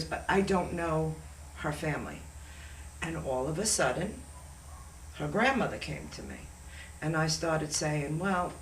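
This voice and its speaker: A middle-aged woman, a guest psychic, telling a story in a halting, hesitant way. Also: on the low side, a bit bright. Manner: hesitant, searching for words. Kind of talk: casual storytelling on a talk show. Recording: echoey room, far from the mic, faint noise.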